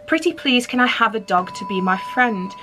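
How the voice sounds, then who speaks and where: A woman's voice: on the high side, expressive, moderate pace, background noise, lightly acted. A woman voicing a timid little boy who speaks earnestly and pleads, in a storybook reading.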